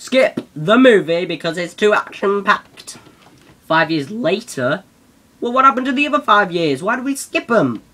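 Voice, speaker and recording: Excitable young gamer, bright voice. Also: male voice, high-pitched, moderate pace. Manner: excitable, yelps and shouts at the game. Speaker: gaming channel host. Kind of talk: let's-play commentary.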